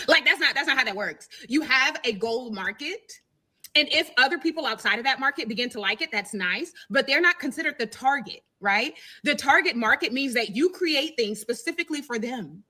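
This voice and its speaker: A woman's voice: high-pitched, lively intonation, moderate pace, bright, forceful tone. A woman giving an opinion commentary in an assertive, explanatory way.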